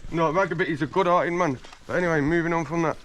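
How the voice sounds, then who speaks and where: A man's voice: a little high, steady tone, quick pace, fairly bright tone, a little hiss or hum. Slangy, swearing man from England. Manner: slangy, swearing, boastful storyteller. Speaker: interviewee. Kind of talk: casual street interview. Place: outdoors on a residential street.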